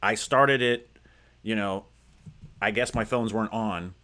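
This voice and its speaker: A man's voice: lowish voice, a little slow, sharp tone. A man hosting a podcast in casual chat, rambling with lots of fillers and restarts. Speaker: podcast host.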